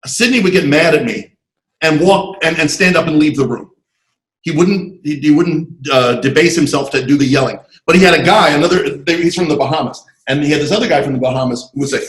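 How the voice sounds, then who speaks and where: A man being interviewed about his screenwriting career, telling animated, digressive stories full of asides over a video call. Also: on the high side, fairly quick, roomy sound, low-quality recording. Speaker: interview guest, screenwriter and comic artist. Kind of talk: casual anecdotal storytelling.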